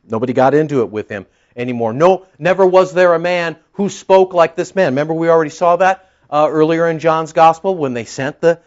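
A man's voice: fairly high pitch, a little fast, few pauses. Emphatic preacher, man, lo-fi sound. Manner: emphatic, rhetorical questions and mocking retorts. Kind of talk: expository Bible-teaching sermon.

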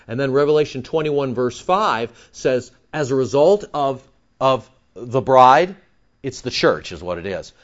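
A man preaching a sermon. He reads scripture aloud, explains it and jokes, swinging from low asides to excited outbursts. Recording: dull lo-fi recording.

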